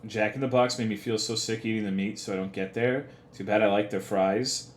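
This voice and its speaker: In an echoey room, a young livestreamer with a lowish, steady voice talks a little fast. He rambles casually to his chat, swearing freely in half-joking rants.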